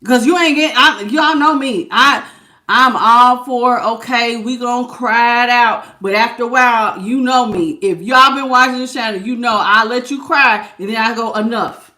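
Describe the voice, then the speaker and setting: Woman tarot reader on a live stream: high voice, blunt tough-love scolding, slangy, roomy echo. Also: normal speed, sharp tone. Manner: calls listeners "baby", casual slangy talk.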